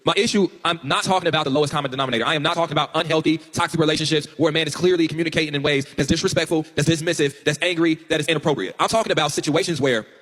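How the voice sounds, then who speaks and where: A man's voice: a little high, rapid-fire, hardly any pauses, a bit bright, big-room sound. A man hosting a podcast, earnestly explaining his view at length. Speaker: podcast host. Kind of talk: podcast discussion.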